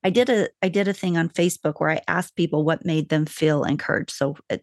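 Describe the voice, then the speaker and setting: A woman's voice: low voice, brisk, dry recording, clean studio sound. A woman co-hosting a podcast, telling stories in an enthusiastic, emphatic way. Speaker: podcast co-host. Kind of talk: casual chat.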